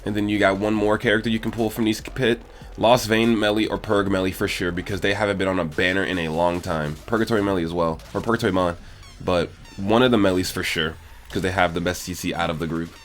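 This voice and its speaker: A man's voice: low voice, fairly even intonation, fast, soft background music. Blunt, exasperated young man reviewing accounts. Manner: blunt, exasperated, swears a lot. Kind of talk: casual gaming commentary.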